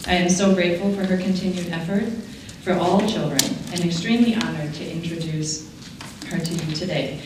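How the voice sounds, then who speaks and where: A woman with a fairly low voice gives an earnest, heartfelt introduction of a keynote speaker. She speaks in a formal speech style. The sound is very roomy and distant, with clear background noise from the hall. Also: steady tone, brisk. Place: large conference hall. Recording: echoey hall, distant mic, audible noise.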